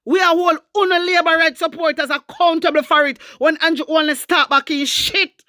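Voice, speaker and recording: Jamaican woman going off about politics, high voice, real dry close mic. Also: steady tone, moderate pace, sharp tone, no echo. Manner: angry, preachy, in Jamaican Patois. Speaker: political commentator. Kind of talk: impassioned political rant.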